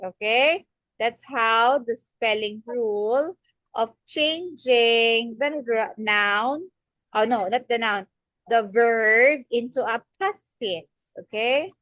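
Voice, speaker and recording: A woman teaching English grammar to a young learner at an unhurried pace. She repeats words patiently and prompts the child to answer. Her voice sits a little high and is recorded dry and close. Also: a bit bright, no echo. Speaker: English tutor. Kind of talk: online one-on-one grammar lesson.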